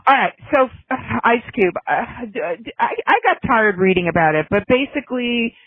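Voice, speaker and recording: A woman co-hosting a podcast in casual chat, opinionated and snarky, talking in quick bursts. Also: a little high, lively intonation. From United States. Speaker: podcast co-host. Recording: tinny phone-like line.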